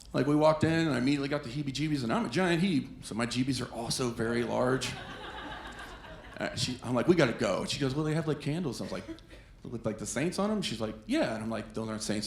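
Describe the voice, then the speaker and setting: A man's voice: mid-range voice, brisk, vocal fry, a little hiss or hum. A man performing a stand-up comedy set on a club stage, telling stories and acting out quoted voices. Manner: animated storytelling with quoted voices. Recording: echoey club with faint ambience.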